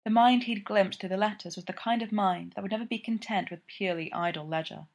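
Woman narrator, calm and even, reading fiction aloud. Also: mid-range voice, fast. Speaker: audiobook reader.

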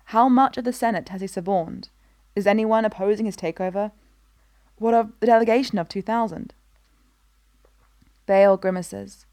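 A woman reading a story aloud in an even, measured narration. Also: mid-range voice, no room sound, clean studio sound. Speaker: reader. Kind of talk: scripted narration of a fan story.

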